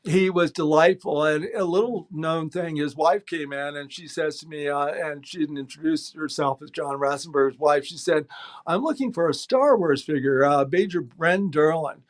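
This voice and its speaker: A middle-aged man, a bookstore owner telling lively anecdotes in a casual interview. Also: a little high, moderate pace. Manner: animated anecdotes, acts out quoted voices.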